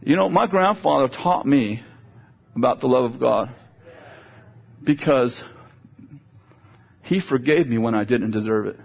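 A man preaching a sermon, telling a lively personal story and moving into prayer, with a husky voice. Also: mid-range voice, unhurried, long pauses, highs cut off.

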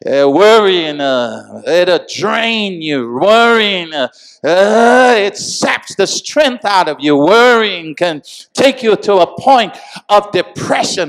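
Man, high voice, pastor, sermon, call-and-response, builds to shouting. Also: big pitch swings, takes it slowly. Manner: repeats "come on, y'all" and "amen".

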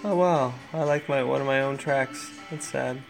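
A man's voice: medium pitch, normal speed, vocal fry, faint music behind. A tired man hosting a casual solo podcast from home, rambling and easily distracted. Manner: rambling, distracted, talks to his cats. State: tired, yawning. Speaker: podcast host.

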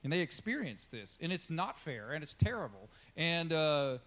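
Man, pastor, relaxed sermon, fairly high voice, conversational, acts out quotes. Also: normal speed. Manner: casual and chatty, acts out quotes, asks the congregation questions.

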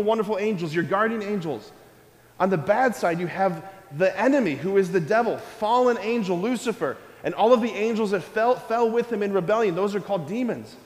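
A man preaching a children's homily as a priest, animated, asking the children questions and repeating key phrases. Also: high voice, roomy sound, in a large hall. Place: church.

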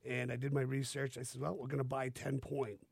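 A man talks as a guest on a radio show, friendly and rambling, with plenty of fillers. His voice is gravelly at a middle pitch. The studio sound is dry and close. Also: monotone, brisk, a little mellow, no room sound. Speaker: guest business owner. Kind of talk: casual radio interview. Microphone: studio microphone.

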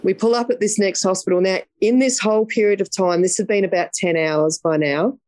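A woman's voice: medium pitch, steady tone, brisk, a little mellow, no echo. An Australian woman, a podcast guest, telling a story in a casual interview, blunt and vivid, acting out the quoted dialogue.

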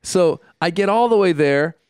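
Smooth-voiced man telling a lively story. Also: high-pitched, dry recording, clean studio sound. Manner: animated, acts out the people in his story; quick restarts and stammers. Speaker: guest. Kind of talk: casual storytelling.

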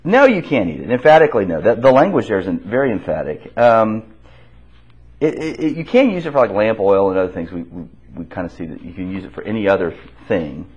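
Bible class teacher, male, animated pitch, slightly husky, dull lo-fi recording, quizzes the room and repeats answers. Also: a little fast. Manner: asks the class questions and repeats their answers; conversational, with restarts.

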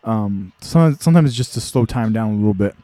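Laid-back rambling man, dark dry voice. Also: fairly low pitch, lively intonation, dry recording. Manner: rambling, halting, many fillers and restarts; laid-back, chuckles between thoughts. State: voice getting lower and tired. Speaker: live game commentator. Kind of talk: casual live-stream chat.

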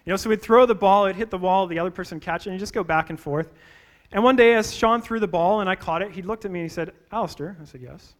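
A pastor with a high voice delivers a sermon in a church. He moves between scripture and funny stories about himself, often turning to his listeners with questions. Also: fast. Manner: storytelling with humor and direct questions to the congregation.

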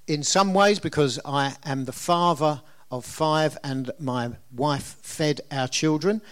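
A middle-aged man preaches a sermon in a conversational style, frequently putting questions to the congregation. His voice sits a little high, with a fairly bright tone.

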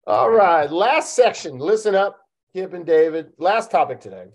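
A man with a somewhat high voice hosts a casual podcast. He tells stories with lots of laughter and acts out the other people's lines in a lively way. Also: normal speed. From Oregon, United States. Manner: animated, laughing, acts out dialogue. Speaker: podcast host. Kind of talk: casual comedic storytelling.

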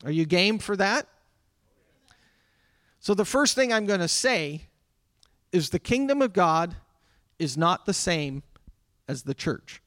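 A man's voice: sits high, big pitch swings, slow pace, pauses often, fairly bright tone, dry recording. A man preaching a sermon to his congregation in a conversational way, with asides to the people in the room. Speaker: pastor. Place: church sanctuary.

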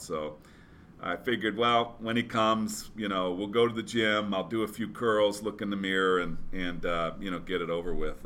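A man's voice: low-pitched, pushed and bright, a little hiss or hum. A man telling a motivational story in a casual, rambling way, with lots of fillers and restarts. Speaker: business speaker.

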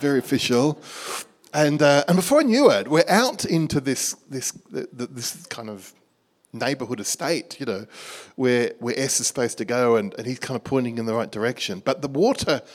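A middle-aged Australian man preaching, telling a lively story and acting out the dialogue with a laugh in his voice. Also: on the high side. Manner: animated storyteller, acts out dialogue, laughs at himself. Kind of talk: storytelling sermon.

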